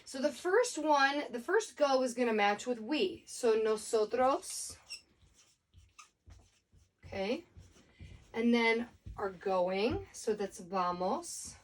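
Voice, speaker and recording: A woman's voice: fairly high pitch, lively intonation, slow pace, long pauses, distant mic. A woman Spanish teacher giving a casual recorded lesson, explaining grammar step by step with many fillers.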